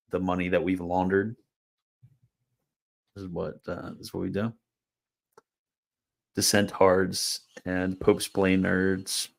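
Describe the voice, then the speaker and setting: Laid-back young man on a live stream. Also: lowish voice. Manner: rambling, laughs at comments, many fillers and restarts. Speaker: livestream host answering chat. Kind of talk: casual live-stream chat and Q&A.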